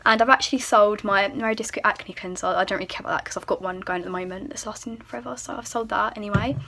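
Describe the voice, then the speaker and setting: A woman's voice: mid-range voice, fast, creaky, bright, forceful tone. A teenage girl, chatting casually in a beauty vlog at home, rambling and joking at herself. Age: teens. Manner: chatty, rambling, self-mocking. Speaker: beauty vlogger.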